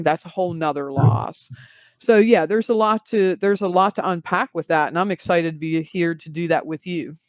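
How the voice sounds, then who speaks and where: A woman guest, a grief recovery specialist, explaining in measured interview talk with vivid everyday examples. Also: fairly low pitch, smooth, no echo.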